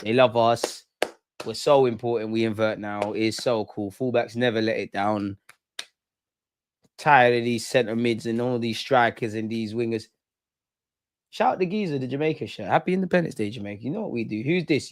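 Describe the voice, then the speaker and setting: Young guy yelling at penalty takers on a live watch-along, dry close sound. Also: mid-range voice, fairly quick, no echo. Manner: heckling, excitable, mocking penalty takers. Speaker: football fan channel host.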